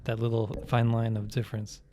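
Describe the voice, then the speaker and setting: A man's voice: mid-range voice, monotone, brisk, dark tone. A man co-hosting a casual podcast, talking in a joking, teasing way full of filler words. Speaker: podcast co-host. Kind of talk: casual chat.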